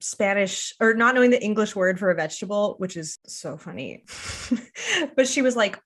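A woman's voice: mid-range voice, expressive, normal speed, a bit bright. A woman from Quebec hosting a podcast, chatting casually and laughing often. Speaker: podcast host. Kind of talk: casual chat.

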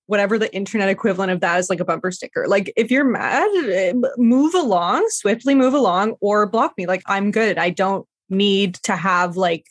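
A woman hosting a podcast in a casual chat, quick and chatty with lots of "like". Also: medium pitch, no echo, clean studio sound. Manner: chatty, quick, uses "like" a lot. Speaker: podcast host.

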